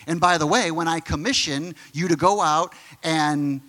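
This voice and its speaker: A man's voice: on the high side, moderate pace, bright, forceful tone. A middle-aged man preaching a sermon, explaining scripture in an emphatic, conversational way. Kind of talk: sermon teaching.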